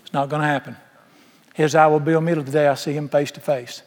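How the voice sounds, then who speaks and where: A man's voice: a little high, level tone, quick pace, a little mellow, in a large hall. A man preaching a sermon in a large church, folksy and emphatic, firing rhetorical questions at the congregation. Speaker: pastor.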